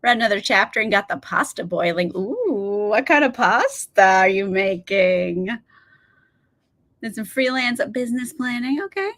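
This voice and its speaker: A woman's voice: medium pitch, lively intonation, normal speed, fairly bright tone. A woman in her thirties hosting a casual reading livestream, chatty, swearing casually and laughing often as she reads out chat replies.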